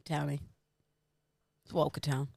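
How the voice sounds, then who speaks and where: A woman's voice: low voice, flat delivery, measured pace, creaky, dark tone, no room sound. An Australian woman co-hosting a podcast, teasing and playful. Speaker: podcast co-host. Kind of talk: casual chat.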